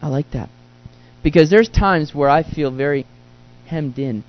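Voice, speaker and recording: A man's voice: on the high side, a little slow. A man preaching a sermon as a pastor, earnest and emphatic, often putting rhetorical questions to his listeners. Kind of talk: sermon teaching through a Bible book. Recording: dull lo-fi recording.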